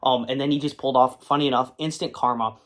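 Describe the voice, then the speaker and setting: A young man spins a casual, rambling story from his car, leaning on fillers and restarts. He acts out the other people's lines as he goes. His voice sits at an everyday middle pitch. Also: fast talker. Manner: rambling, animated anecdote with many fillers. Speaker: comic collector and video creator. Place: his car, in a parking lot.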